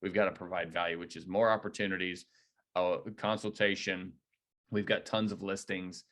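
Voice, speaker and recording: Low-voiced man coaching agents. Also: moderate pace. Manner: coaching, direct, energetic, uses analogies. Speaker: real estate team leader training agents. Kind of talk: training debrief talk.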